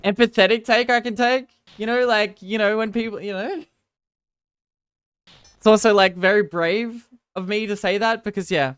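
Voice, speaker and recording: Smooth-voiced rambling Australian woman streamer. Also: medium pitch, steady tone, normal speed, no room sound. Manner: rambling, self-mocking, answers viewers' chat between game moments. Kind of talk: casual live-stream chat.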